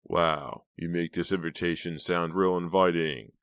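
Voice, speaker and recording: A man reading an audiobook, voicing a low-voiced teenage boyfriend who is easygoing and teasing. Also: fairly even intonation, a little slow, a bit bright, clean tone, no room sound, studio quality.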